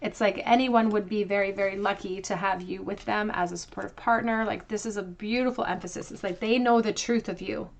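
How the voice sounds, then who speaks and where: A woman's voice: medium pitch, fairly even intonation, brisk, vocal fry, hardly any pauses. Earnest woman giving a tarot reading. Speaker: tarot reader. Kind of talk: pick-a-card tarot reading.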